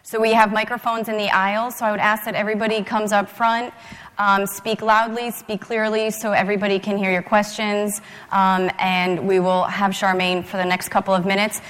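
A woman moderating a conference session, excited and chatty. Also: medium pitch, normal speed. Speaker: event moderator. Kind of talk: stage announcements. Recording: hall reverb, crowd, far from mic.

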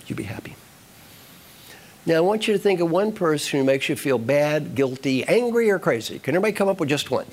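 A man giving a live motivational talk to an audience, animated and repetitive, giving direct instructions. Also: high voice, a little hiss or hum. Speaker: motivational speaker.

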